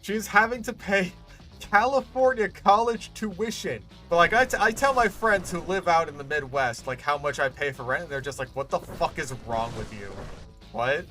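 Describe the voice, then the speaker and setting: A man's voice: high voice, normal speed, pushed and bright, soft background music. A man doing casual, ranting commentary as a gaming YouTuber while he builds a park, sarcastic and profane.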